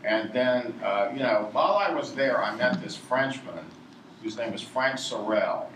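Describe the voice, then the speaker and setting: A man's voice: mid-range voice, expressive, measured pace. A man from Virginia telling a meandering, digressive story to a live audience and chuckling at his own tale. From Virginia, USA. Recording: echoey room, distant mic, noisy.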